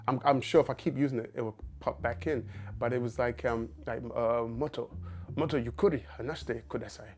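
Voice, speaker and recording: A man's voice: medium pitch, fairly even intonation, fairly quick, darkish tone, soft background music. A man who works as an actor, talking casually to the camera and breaking off into quoted asides and restarts.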